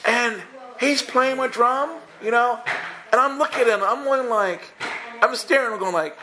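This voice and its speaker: A man telling a humorous personal story to a church group, animated and chuckling as he acts out his own thoughts. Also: very high voice, normal speed, noisy background.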